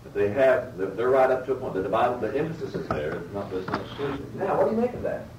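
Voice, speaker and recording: A man teaching a Bible lecture at a middle pitch, working through points by rephrasing and asking his class questions. He sits some distance from the mic in a roomy space, with a faint hiss of background noise. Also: sing-song, quick pace. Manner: explains step by step, rephrases, asks the class questions.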